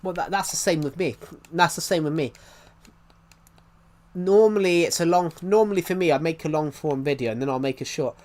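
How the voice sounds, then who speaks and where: Young guy streaming w a blocked nose, rambly, keeps restarting, swears, kinda high voice. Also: fairly quick, a little mellow. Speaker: live streamer. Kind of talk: casual live-stream chat.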